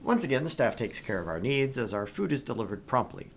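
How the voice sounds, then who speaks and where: A man hosting a let's play, reading a visual novel aloud in an expressive way. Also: medium pitch, a little fast, vocal fry, slight background noise. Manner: expressive narration with laughs.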